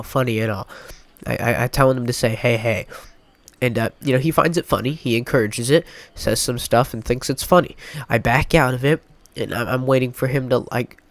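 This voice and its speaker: A man's voice: mid-range voice, no room sound. A young man with a stuffy nose telling a rambling, mock-dramatic storytime vlog, full of filler words. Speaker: YouTuber.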